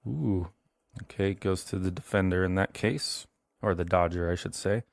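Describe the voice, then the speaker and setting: A man narrating a tabletop horror game as game master, in a relaxed, chatty way. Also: low-pitched, moderate pace, gravelly, no room sound.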